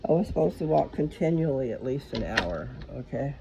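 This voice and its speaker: A man's voice: mid-range voice, very animated, brisk, gravelly, background noise. Rambling, scattered man talking to viewers. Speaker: vlogger. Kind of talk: casual rambling vlog talk. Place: indoors at home, walking between rooms.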